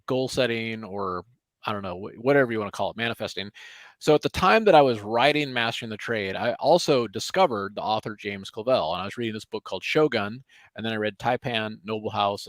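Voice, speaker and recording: A man's voice: mid-range voice, dry recording. A man hosting a live trading webinar, talking casually and rambling with many fillers. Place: home office in Austin.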